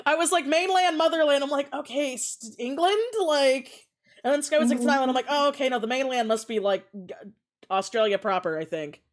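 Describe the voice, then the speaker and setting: A woman hosting a casual stream chat, with a high voice. She acts out her own reactions as she tells stories and swears freely. She breaks into laughter often. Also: a little fast. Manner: animated storytelling, acting out her own reactions. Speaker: streamer host. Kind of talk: casual chat over a voice call.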